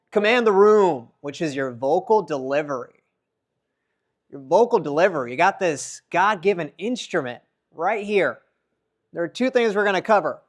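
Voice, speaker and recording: High voiced guy teaching public speaking, hyped up, goes loud then quiet to show it off. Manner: dynamic, swings between loud and soft to demonstrate. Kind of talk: energetic workshop lesson.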